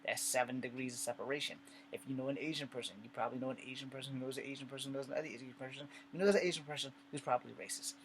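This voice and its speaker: A man from the United States vlogging, telling a personal story in a blunt, casual way with lots of swearing and animated retelling. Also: mid-range voice, rapid-fire, a little hiss or hum, poor audio. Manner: blunt and profane, with frequent swearing; animated retelling with acted dialogue.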